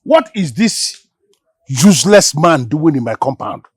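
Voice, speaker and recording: A man's voice: a little high, very animated, a little slow, slightly rough, no echo, exaggerated voice. An actor with a Nigerian accent playing a stern, angry village elder and father in a Nollywood film, talking with commanding scorn. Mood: scornful.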